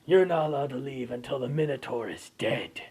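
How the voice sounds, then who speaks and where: A man's voice: mid-range voice, brisk, darkish tone, husky, close to an everyday voice. A man voicing an angry male king who threatens prisoners with death in a commanding tone. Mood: threatening.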